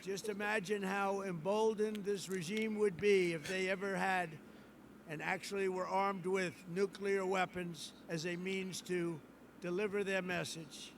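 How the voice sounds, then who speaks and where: A man delivering a formal televised address as a head of state, his voice pitched high. He is emphatic and keeps repeating his points. Faint noise sits under the clip. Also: little pitch movement, measured pace. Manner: repetitive, emphatic.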